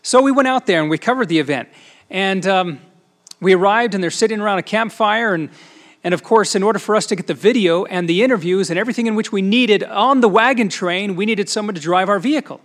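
A man's voice: high voice, fast talker. Storytelling middle-aged man, emphatic. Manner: storytelling, acts out dialogue, shifts between soft asides and loud emphasis. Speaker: speaker at a church gathering, former TV news reporter. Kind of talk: sermon-style personal story.

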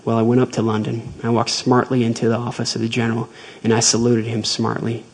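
Male speaker for a devotional talk, husky voice with a gravelly edge, measured and earnest storytelling. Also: medium pitch, completely flat delivery, rough recording. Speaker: speaker retelling a faith story.

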